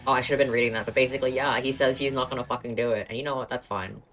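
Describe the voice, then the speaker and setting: A relaxed man from Australia chatting through a game stream, self-deprecating and casual. Soft guitar music plays in the background. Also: medium pitch, racing. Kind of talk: casual gaming commentary with reading aloud.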